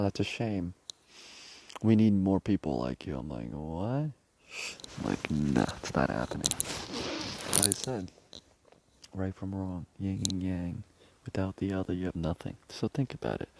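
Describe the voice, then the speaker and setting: Male, 30s, low gravelly voice, rambling casual monologue. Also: dark tone. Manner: rambling storytelling, quoting others.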